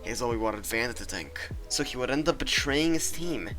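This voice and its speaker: A man's voice: mid-range voice, faint music behind. Sarcastic young man narrating a comedy. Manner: sarcastic, deadpan, quick comic asides. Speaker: channel host and narrator.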